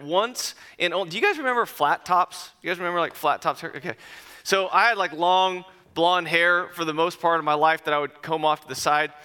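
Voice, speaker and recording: Man, 40s, brisk bright tone, personal storyteller moving from animated to hushed and reflective. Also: a little high, clear, resonant tone. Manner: animated, then quiet and reflective. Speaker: speaker addressing an audience.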